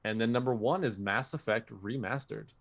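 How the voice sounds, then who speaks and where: This man co-hosts a podcast and reads out listeners' picks in a relaxed, chatty way. His voice sits at an ordinary middle pitch. When he tells a story, he gets animated. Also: normal speed. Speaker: podcast co-host. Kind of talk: casual chat.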